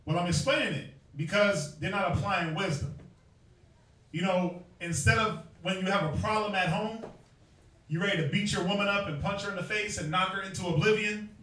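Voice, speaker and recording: A man's voice: high-pitched, normal speed, bright, forceful tone. A man preaching to a crowd, firing questions at them in a call-and-response Bible teaching. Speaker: street preacher. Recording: echoey space, far from the mic.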